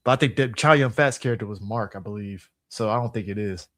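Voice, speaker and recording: A man's voice: lowish voice, fast, a bit bright, no echo, clean studio sound. Blunt, profane man in podcast banter. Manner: blunt, profane, laughs often, interrupts. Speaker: podcast co-host. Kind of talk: casual chat.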